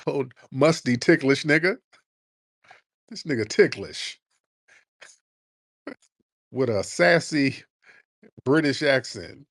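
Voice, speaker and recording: A man's voice: mid-range voice, animated, takes it slowly, pauses often, dry recording, clean studio sound. Brash, profane talk-show host man. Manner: brash, profane, mocking, laughing. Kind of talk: casual call-in radio talk.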